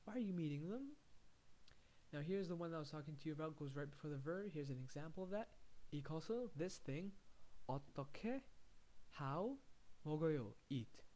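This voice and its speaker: A man with a slightly raised pitch gives a recorded language lesson. He explains things step by step and slowly repeats each example phrase so learners can follow. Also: expressive, darkish tone. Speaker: language teacher.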